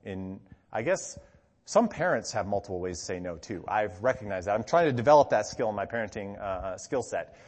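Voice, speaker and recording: A pastor with a lowish voice delivers a brisk, conversational teaching sermon, frequently checking in with "okay?" and stressing key words with animation. Long hall reverb surrounds the recording.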